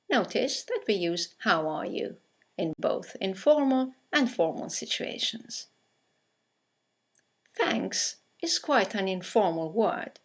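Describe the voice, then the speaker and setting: A woman teaching English in a scripted lesson, speaking with clear, careful delivery as she reads out example phrases. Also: mid-range voice, very animated, takes it slowly.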